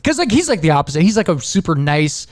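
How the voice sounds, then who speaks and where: A man hosting a podcast, chatting casually and telling lively work stories, acting out what coworkers said. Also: on the high side, quick pace. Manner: animated storyteller, acts out quotes of coworkers. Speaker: podcast host. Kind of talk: casual chat.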